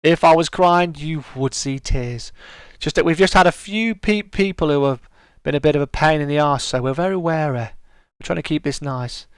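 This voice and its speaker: A man's voice: a little high, normal speed, few pauses, smooth. A British man hosting a live stream, chatting casually and answering viewers' comments. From United Kingdom.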